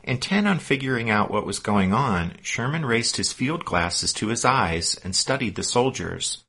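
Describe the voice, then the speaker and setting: Husky man with a forceful voice. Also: mid-range voice, animated, unhurried. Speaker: history narrator. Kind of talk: scripted historical narration.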